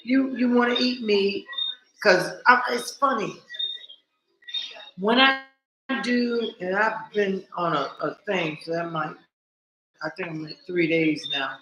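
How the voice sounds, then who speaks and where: A woman vlogging in a casual monologue, animated and blunt, cursing freely and talking straight to her viewers. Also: mid-range voice, takes it slowly, pauses often, roomy sound, dull audio.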